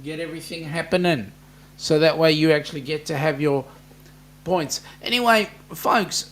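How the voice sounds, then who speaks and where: A man's voice: on the high side, unhurried, long pauses. A man with an Australian accent hosting a casual live stream, reading out viewer comments and chatting back with plenty of "mate" and "um". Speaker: livestream host reading chat. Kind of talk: casual livestream chat.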